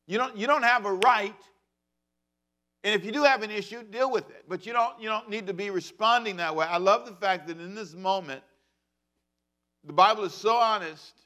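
A pastor in his fifties delivering a sermon with a bright, forceful tone. His voice sits a little high for a man, and he swings from loud, driving bursts down to quiet, hushed asides. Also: moderate pace. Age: 50s.

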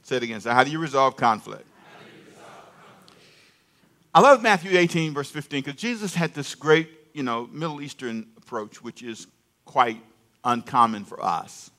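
A man's voice: mid-range voice, animated, moderate pace, fairly bright tone. An older man preaching a sermon in a conversational way, repeating phrases and getting the congregation to answer him aloud.

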